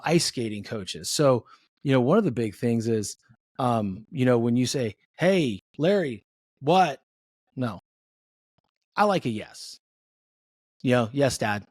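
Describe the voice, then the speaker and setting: Male podcast host, casual talk, lively pitch swings, dry close sound. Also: moderate pace, no echo. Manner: animated, acts out family exchanges.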